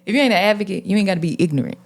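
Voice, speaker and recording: Woman host, AAVE, lively and emotional, moves between hushed and loud. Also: mid-range voice, rapid-fire. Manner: expressive, animated, swings from soft to loud. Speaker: podcast host. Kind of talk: casual, emotional conversation.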